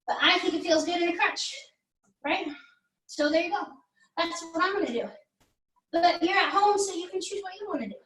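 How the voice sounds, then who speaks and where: A woman's voice: very high-pitched, fairly quick, long pauses, fairly bright tone. A woman leading a pilates workout class, chatty and encouraging as she counts down reps. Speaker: pilates instructor. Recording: echoey room, mic at a distance.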